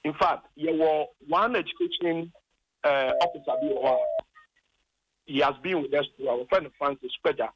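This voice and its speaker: A man's voice: a little high, normal speed, slightly rough, dry recording, lo-fi sound. A Ghanaian man, a former district chief executive, calls in to a radio program and complains at length, impassioned and indignant as he retells his arguments.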